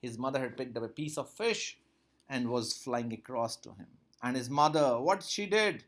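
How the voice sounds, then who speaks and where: A male English teacher with a medium-pitched, fairly bright voice works through a textbook story at normal speed. He reads each line aloud, then repeats and paraphrases it with rising emphasis to explain it.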